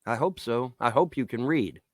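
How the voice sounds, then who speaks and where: A man ranting at the camera in a vlog, swearing constantly, taunting his critics and shouting in bursts. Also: mid-range voice, animated, normal speed, no room sound. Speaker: vlogger. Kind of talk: angry profane rant to camera.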